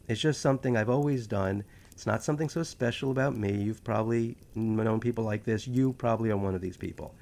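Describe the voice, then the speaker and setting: A New York man with a New York accent hosts a podcast talk show, delivering a casual, animated monologue packed with sarcastic asides. His voice is lowish and gravelly.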